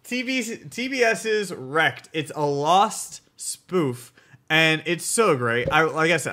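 A young man chats casually about TV shows as a co-host. His voice is bright and forceful and sits a little high. He talks in an animated way and acts out scenes with lots of laughter. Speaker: co-host of a TV review show. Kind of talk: casual chat.

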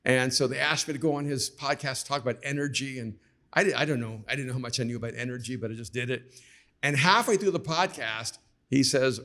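A middle-aged man telling lively anecdotes as an author guest on a podcast taped live, acting out the people he quotes. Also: medium pitch, fast. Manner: animated anecdotes, acts out quoted voices. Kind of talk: conversational storytelling.

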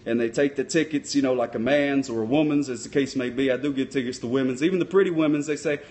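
A man's voice: mid-range voice, quick pace, a little mellow, natural voice. A man voicing a dopey, boastful sock-puppet cop who rambles in a comic question-and-answer. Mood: rambling. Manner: rambling, dim-witted bravado.

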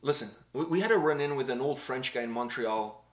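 A man's voice: medium pitch, lively intonation, a little fast. A man from Portugal hosting a reaction video, telling a story in a playful, chatty way. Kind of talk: casual chat. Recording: echoey room.

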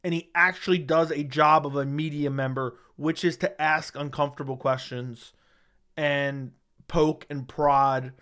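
A man's voice: a little high, steady tone, measured pace, fairly bright tone, clean tone. A man hosting a casual livestream, reading viewer chat aloud and giving blunt, sarcastic, slangy replies into a studio microphone.

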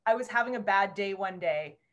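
A woman hosting a casual conversation, telling stories in an animated way with lots of fillers and little laughs. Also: mid-range voice, brisk, dull audio. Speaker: host.

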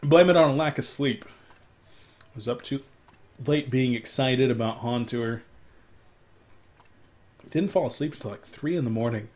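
A young man casting a live esports match alone, excitable in fights and stopping to apologize to viewers for his hiccups. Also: measured pace, long pauses. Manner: excitable, rises sharply in loudness and pitch during fights. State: has the hiccups. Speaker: esports caster. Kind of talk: solo live game commentary.

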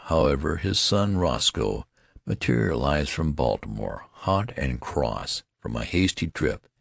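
A man reading an audiobook aloud in a lively, expressive way. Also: a bass voice, gravelly, no echo, studio quality. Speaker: audiobook narrator. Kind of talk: scripted audiobook narration.

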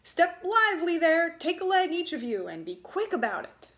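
A woman's voice: very high voice, big pitch swings, normal speed, a bit bright, pitched above the performer's own voice, heavily acted. A woman reading aloud, voicing a fiery, bossy little man who roars orders at the boys. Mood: bossy, roaring. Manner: roaring, barking orders. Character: bossy fiery little male Christmas sprite.

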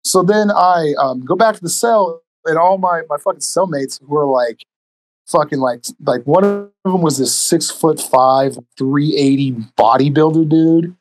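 A man telling stories casually on a podcast as a guest, animated and profane, acting out the people in his stories. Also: fairly high pitch, a little slow, faint music behind. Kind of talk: casual storytelling.

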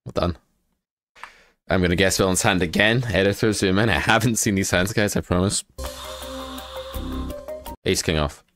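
A man hosting a casual poker hand review, joking and thinking out loud with excitement. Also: low voice, moderate pace, long pauses, faint music behind.

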